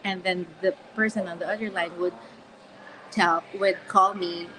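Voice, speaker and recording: A woman's voice: fairly low pitch, steady tone, normal speed, noisy background. A woman from the Philippines in her forties, a coach talking casually and upbeat on a live stream filmed with a phone on a tripod, laughing often. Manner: chatty and upbeat, with frequent laughs and fillers. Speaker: confidence coach. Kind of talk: live-stream talk to followers. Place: shopping mall, in a public space. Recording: phone live-stream with mall crowd behind. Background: crowd of shoppers.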